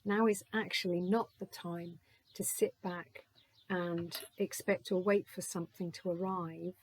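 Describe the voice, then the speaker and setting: A woman's voice: on the low side, fairly even intonation, unhurried, a little hiss or hum. A woman doing a spiritual charm reading, gushing and thankful as she thinks aloud. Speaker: oracle reader.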